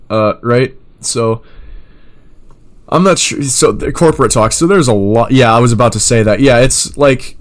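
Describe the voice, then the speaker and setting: A man reading chat messages aloud in an even, measured way, breaking into loud, sarcastic rants full of swearing. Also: medium pitch. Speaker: commentator reading chat logs.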